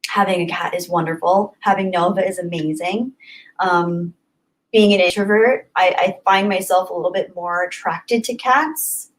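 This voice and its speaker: A young woman with a fairly low voice hosts a livestream, recorded with poor audio. She chats casually and rambles while answering viewer comments, often repeating herself.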